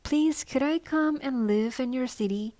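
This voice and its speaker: A grubby little toy bunny, as a woman reader puts him on, speaking in a raised, soft, eager voice. He pleads slowly and gently. The sound is close and dry, like a bedtime storybook. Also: sits high, no room sound, pitched above the performer's own voice. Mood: pleading.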